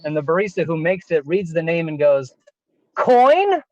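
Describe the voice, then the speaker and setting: A man's voice: fairly high pitch, steady tone, fast, darkish tone, no echo, highs cut off. A man performing a self-deprecating stand-up set, laughing at his own story now and then. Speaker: stand-up comedian.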